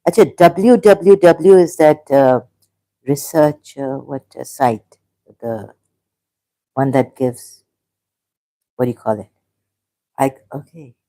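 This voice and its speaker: A woman from Pakistan hosts a casual livestream, reacting to viewer comments. Her voice is low and warm, and her speech comes slowly, full of fillers, restarts and shocked exclamations.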